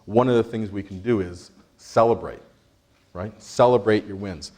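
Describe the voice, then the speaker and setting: A man presenting an interactive workshop, energetic, quizzing the audience and laughing often. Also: on the low side, moderate pace. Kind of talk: interactive stress-management workshop.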